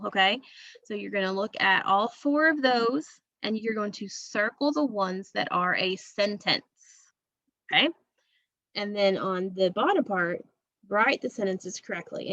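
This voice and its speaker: A woman teacher walks young students through a recorded lesson, steady and patient, checking in with an okay every few sentences. Her voice is dry and close, with no room around it. The sound is slightly dull and muffled. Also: mid-range voice, no room sound. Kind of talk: recorded remote class lesson.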